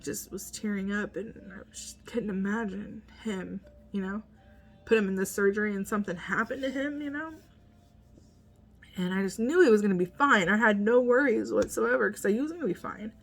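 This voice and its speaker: A woman in her thirties telling a personal story as a mother, speaking softly with many pauses and restarts, at times near a whisper. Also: mid-range voice. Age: 30s. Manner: halting, soft-spoken, pauses and restarts, often near a whisper.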